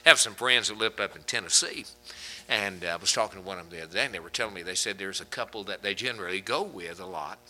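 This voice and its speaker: A man's voice: deep voice, fast talker, sharp tone, low-quality recording. A man preaching a sermon as pastor, folksy and conversational, chuckling between points.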